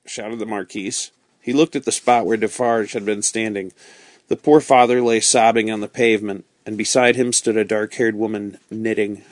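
A man narrates a storybook reading in a calm, measured voice. His pitch sits in the middle of the male range. The sound is dry and close, with no room echo.

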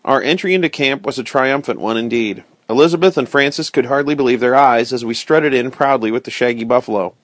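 A man narrating a storybook aloud in first person, as a steady, clear storyteller. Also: medium pitch, fairly quick, few pauses, dry recording. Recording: dry close recording.

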